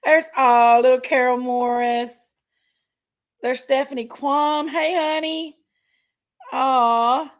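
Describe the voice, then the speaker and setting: A woman hosting a casual livestream chat, rambling and greeting each viewer by name with drawn-out, effusive exclamations. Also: high voice, fairly even intonation. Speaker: livestream host.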